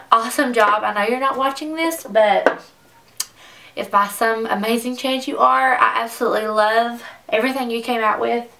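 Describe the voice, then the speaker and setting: A woman's voice: fairly high pitch, creaky, sharp tone, distant mic. A young woman reviewing makeup in a casual, gushing way, often saying "like," in a makeup room at home. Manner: chatty, gushing, says "like" often. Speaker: beauty vlogger.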